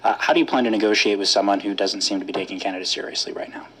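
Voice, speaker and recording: A man's voice: on the low side, rapid-fire, fairly bright tone, slight background noise, rough recording. A man, a reporter asking a minister questions at a press conference.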